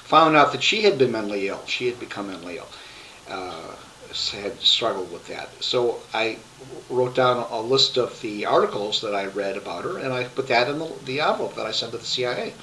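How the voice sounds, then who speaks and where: A man telling his life story to a webcam, rambling and halting with many restarts. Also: medium pitch, animated, sharp tone, slight background noise, poor audio.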